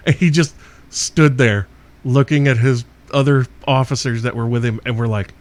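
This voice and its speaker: A man's voice: mid-range voice, fairly even intonation, moderate pace. A middle-aged man hosting a podcast, telling a wild story in a casual, profane way and laughing often as he goes. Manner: profane, laughs through his own story. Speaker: podcast host.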